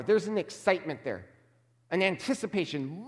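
A man preaching a sermon as a pastor, emphatic and measured, slowing down to stress key words. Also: high voice, lively intonation, long reverb tail.

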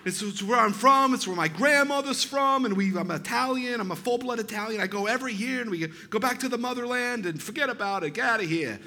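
A man's voice: very high voice, brisk, hardly any pauses, slight background noise, pitched above the performer's own voice, heavily acted. A man putting on the voice of a boisterous Italian-American neighbor with a Chicago accent, sounding like a mobster. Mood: boastful. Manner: loud, exuberant, gruff catchphrases.

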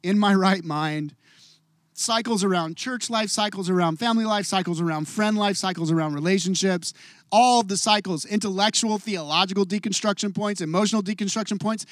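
A man in his forties preaches with a high, light voice, earnest and confessional. He drops to a hush and then lifts his voice again. The sound is close and dry, with no room around it. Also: brisk, dry recording. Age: 40s. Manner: earnest, confessional, swings from hushed to loud. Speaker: pastor. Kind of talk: sermon.

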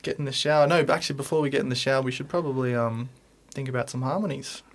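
A male co-host teaching low vocal harmonies in a clear, methodical way, counting the beats aloud. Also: very fast. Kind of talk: singing lesson.

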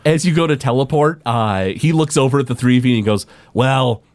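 A man's voice: medium pitch, expressive, quick pace, a little mellow, no echo. A man running a tabletop game as game master, narrating with many hesitant fillers.

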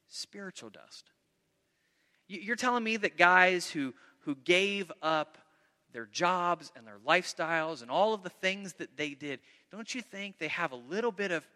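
Bright-voiced preacher man in a reverberant hall. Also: a little high. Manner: animated, acts out voices, repeats words. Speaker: pastor. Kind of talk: sermon.

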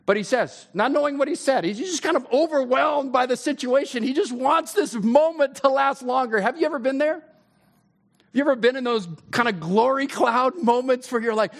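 A man preaching a sermon in a conversational way, his voice climbing when he gets excited. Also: high-pitched. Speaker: pastor.

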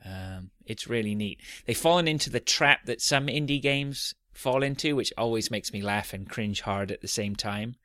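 A man's voice: medium pitch, moderate pace, few pauses, no room sound, studio quality. A man hosting a casual podcast chat about games, rambling and often restarting his sentences. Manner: rambling, self-interrupting, animated. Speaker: podcast host.

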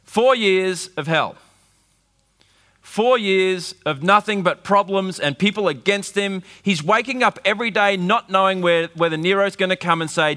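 A man in his forties preaches to his church, his voice bright and forward. He tells stories with wry humour. The sound rings out in a long-reverb hall. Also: sits high, moderate pace. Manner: animated storytelling, wry humour. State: recovering from flu. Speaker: pastor. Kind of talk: sermon.

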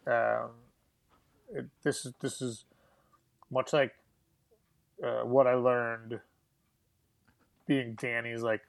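Young guy with a gravelly voice, slow and drawn out, laughing through his story. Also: medium pitch, level tone. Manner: laughing storyteller, swearing, acting out quotes. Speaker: guest musician. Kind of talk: casual storytelling.

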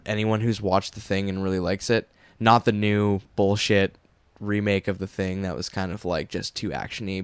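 Low, smooth-voiced man rambling casually. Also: no echo. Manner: rambling, many fillers and restarts. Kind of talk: casual chat.

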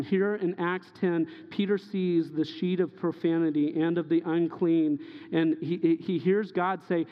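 A man preaching a sermon, his voice a bit high for a man. He acts out the lines he quotes, rising loud and dropping to near hushes, and the long reverb of a hall trails after his words on a dull-sounding recording. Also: steady tone, measured pace. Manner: impassioned preaching, acting out quoted dialogue, swinging loud and soft. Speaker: pastor.

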